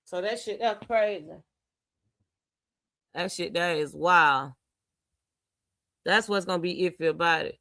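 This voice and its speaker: A woman's voice: lowish voice, unhurried, long pauses, bright, forceful tone, dry recording. A woman hosting a livestream, giving blunt, slangy commentary on a case and often breaking into laughter. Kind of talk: casual reaction commentary.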